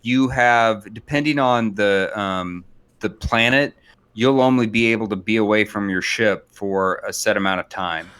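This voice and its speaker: Laid-back co-host, lowish voice, walks through details at an easy pace. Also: male voice, a little slow, smooth. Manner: relaxed explaining, with fillers. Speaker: podcast co-host. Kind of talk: casual gaming chat.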